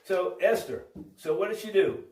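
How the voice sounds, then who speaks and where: A man telling a Bible story in an informal preaching style, animated and full of restarts. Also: high voice, moderate pace, distant mic. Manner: animated, acts out voices, many restarts. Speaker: religious storyteller. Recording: roomy audio from off-mic.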